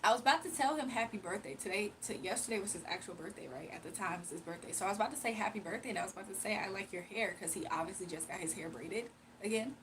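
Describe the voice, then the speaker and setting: This livestream host talks very fast with hardly any pauses, her mid-range voice expressive as she confides a rambling, slangy personal story. She sounds sleepy and tired, and there's background noise behind her.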